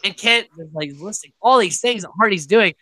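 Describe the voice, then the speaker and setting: A podcast host tells the story of the episode with animated energy, dropping "like" constantly as they recap. The voice sits in a middle pitch with a bright, forward tone. The sound is close and dry, with little room around it. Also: a little fast, no room sound.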